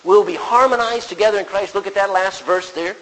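A man's voice: sits high, a little fast, a bit bright. A man preaching a sermon in a conversational way, quoting scripture and putting questions to the congregation. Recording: long reverb of a large hall.

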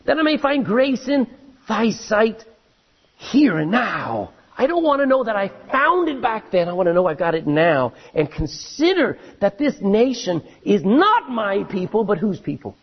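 A man preaching a sermon, reading scripture aloud and swinging between loud emphasis and hushed asides. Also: sits high, big pitch swings, unhurried, slightly rough, muffled recording.

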